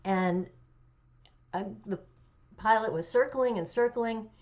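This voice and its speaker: A woman in her seventies, an interview guest telling a personal story with animation, pauses and fillers. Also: on the high side, a little mellow. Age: 70s. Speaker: interview guest, memoir author. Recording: dull lo-fi audio.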